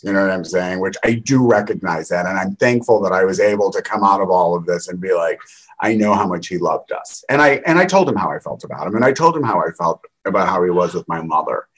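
A man's voice: low-pitched, breathy edge, rough recording. A middle-aged man telling candid stories in a rambling way, with wry laughs. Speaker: guest. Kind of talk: candid conversational storytelling.

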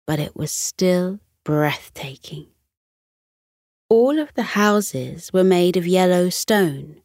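A British woman narrating a children's bedtime story in a soft, soothing manner. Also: fairly low pitch, dry recording, clean studio sound.

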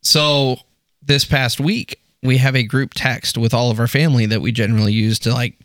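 Bright, chatty podcast man. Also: medium pitch, fairly even intonation, moderate pace, no room sound, studio quality. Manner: chatty, laughing storyteller. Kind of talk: casual podcast banter.

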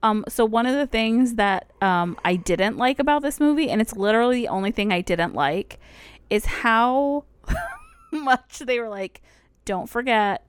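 A woman's voice: a little high, lively intonation, moderate pace, clear, resonant tone. A woman co-hosting a podcast in casual chat, talking frankly and swearing freely. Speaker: podcast co-host.

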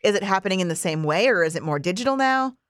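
A woman's voice: medium pitch, lively intonation, fast, no echo, clean studio sound. A woman hosting a news radio interview, asking questions in a casual way with fillers.

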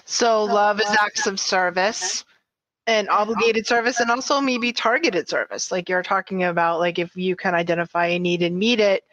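A woman's voice: medium pitch, normal speed, a bit bright, no room sound, poor audio. A woman in her fifties hosts a conversational interview, answering her guest with short affirmations and reflections. Her voice is recorded close and dry, with no room sound around it.

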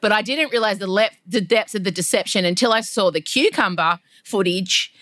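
A woman talks in a loose, gossipy way and laughs often. Her voice sits in a middle pitch. It is recorded close on a microphone with no room sound. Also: a little fast, fairly bright tone, no echo. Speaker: podcast co-host. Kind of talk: casual chat.

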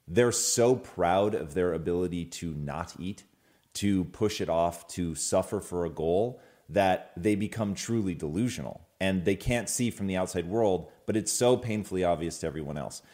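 Low-voiced man, measured, explaining in casual chat. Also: a little mellow. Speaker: co-host in couple's chat.

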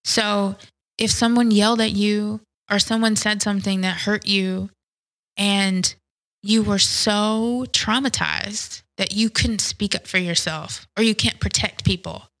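A woman in an interview, speaking candidly and reflectively about her past, often pausing and restarting her sentences. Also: mid-range voice, steady tone, a bit bright, poor audio. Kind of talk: personal testimony interview.

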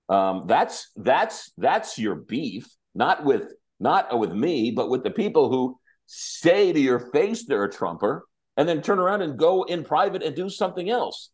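A man talking on a political chat show, his voice sitting a little high and swinging widely. He repeats phrases and sounds exasperated as he makes his points. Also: measured pace, hardly any pauses. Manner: animated, repetitive, exasperated. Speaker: radio talk host.

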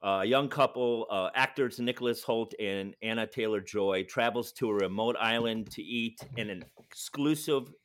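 A man's voice: fairly low pitch, moderate pace, hardly any pauses. A man co-hosting a casual podcast, talking loosely with many ums and uhs. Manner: rambling, many fillers, loud at times. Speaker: podcast co-host. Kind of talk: casual chat.

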